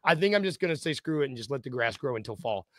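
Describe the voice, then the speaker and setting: A man's voice: medium pitch, animated, fast, no echo. A man co-hosting a podcast in casual chat, rambling with fillers and laughing easily. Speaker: podcast co-host.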